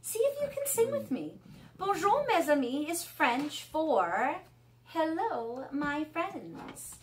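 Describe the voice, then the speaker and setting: A middle-aged woman teaching an online music lesson to young children, encouraging and clear. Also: high-pitched, big pitch swings. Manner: bright, encouraging, speaks slowly and clearly to kids.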